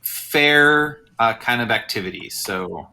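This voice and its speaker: Male game master, bright tone, loose, rambling delivery. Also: medium pitch, animated, slow pace, a little hiss or hum. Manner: rambling, filler-heavy narration. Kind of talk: narrating a tabletop game.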